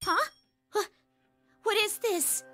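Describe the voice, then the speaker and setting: A woman's voice: very high voice, takes it slowly, fairly bright tone, faint music behind, exaggerated voice. Startled young machine girl. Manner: startled, questioning outbursts. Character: bewildered young woman with a mechanical body. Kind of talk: video game voice acting.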